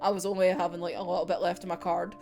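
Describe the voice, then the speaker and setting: A woman's voice: fairly low pitch, little pitch movement, rapid-fire, creaky, a little mellow, soft background music. A Scottish woman from Scotland, vlogging in a casual chat, rambling with lots of "like", swearing and frequent laughter. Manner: rambling, laughs often, swears, says 'like' a lot. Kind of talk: casual chatty vlog.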